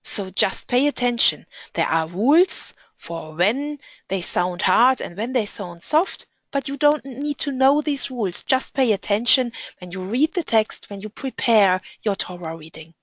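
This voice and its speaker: A woman's voice: mid-range voice, expressive, dry recording, low-quality recording. Woman teaching Hebrew pronunciation, dry sound. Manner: patient, deliberate, reads Hebrew aloud slowly. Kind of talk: instructional explanation with reading examples.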